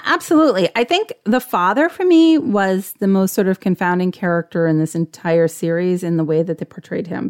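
A woman's voice: mid-range voice, clear, resonant tone. A woman co-hosting a casual discussion, reflective and chatty, leaning on lots of filler words. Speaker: podcast co-host.

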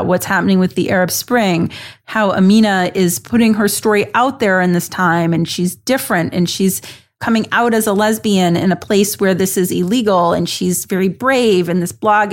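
A woman co-hosting a podcast, thinking aloud in casual chat with plenty of likes and you knows. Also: fairly low pitch. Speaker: podcast co-host.

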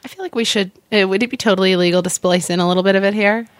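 A woman co-hosting a casual food podcast, giggling often and reading aloud with animated emphasis. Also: medium pitch, very fast, no echo. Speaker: podcast co-host.

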